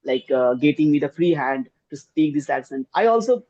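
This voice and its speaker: A man's voice: on the high side, animated, moderate pace, darkish tone, no echo. A man from India with an Indian accent, an English teacher hosting a casual interview, hesitant and deferential, with many fillers. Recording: dull, dry lo-fi mic.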